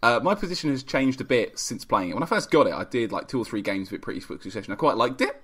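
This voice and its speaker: A man's voice: medium pitch, animated, fast talker, fairly bright tone, slightly rough. A man chatting casually as a podcast guest, rambling and self-deprecating with a joking tone. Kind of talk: casual chat.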